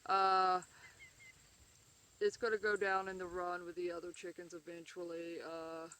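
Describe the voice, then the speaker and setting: A woman doing a slow, drawling impression of her clueless husband describing a chicken. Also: lowish voice, flat delivery, fairly bright tone. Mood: unimpressed. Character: clueless laid-back husband explaining chickens.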